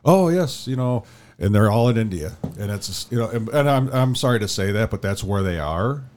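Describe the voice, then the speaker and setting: Rambling low-voiced man telling a story. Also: fairly quick, darkish tone, slight background noise. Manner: rambling storyteller, acts out quotes. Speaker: podcast co-host. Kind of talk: casual chat.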